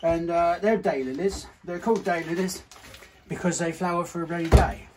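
A man's voice: fairly high pitch, fairly even intonation, moderate pace. A man who runs a plant nursery, chatting casually and bluntly, swearing freely as he works outdoors. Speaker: nursery owner. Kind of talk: casual chat. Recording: noisy outdoor recording.

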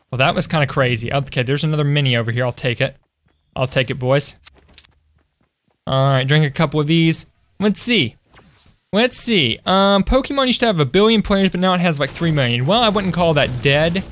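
A man's voice: medium pitch, fairly bright tone. A young man casually commentating his game for a live stream at home, chatty, calling his viewers "boys" and answering chat. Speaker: gaming streamer. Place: home room.

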